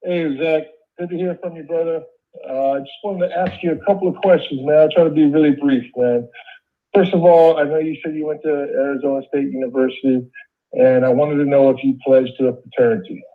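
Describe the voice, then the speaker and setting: A man's voice: on the high side, fairly even intonation, brisk. A man calling in to a radio show, asking questions hesitantly and restarting his words. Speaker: caller. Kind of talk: phone-in question to a host. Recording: tinny phone line.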